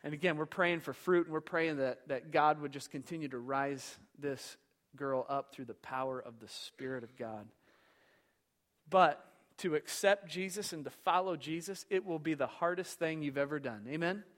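A man preaching a sermon as pastor, telling a story with passion, swinging from hushed to loud. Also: fairly high pitch, normal speed. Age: young adult.

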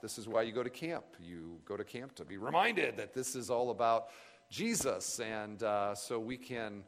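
A man giving an earnest, reflective sermon at a camp retreat, pausing and restarting as he speaks. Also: medium pitch, lively intonation. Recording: long reverb of a large hall.

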